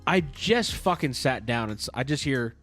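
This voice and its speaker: A young man in his twenties spins a rambling, profanity-laced story on a casual podcast. His pitch swings widely, and he keeps cracking himself up mid-sentence. Music sits faintly in the background. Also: lively intonation, normal speed. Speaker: podcast co-host.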